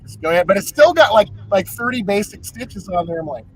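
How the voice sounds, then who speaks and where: Casting: male podcast co-host, high voice, playful banter, shouty promo bits. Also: expressive, quick pace, husky, poor audio. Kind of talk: casual podcast chat.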